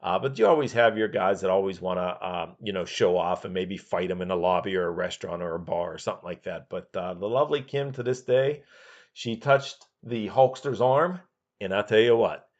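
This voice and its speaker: A man's voice: deep voice, a little fast, dull audio. A man hosting a podcast, rambling through his memories in a casual monologue with many fillers. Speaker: podcast host.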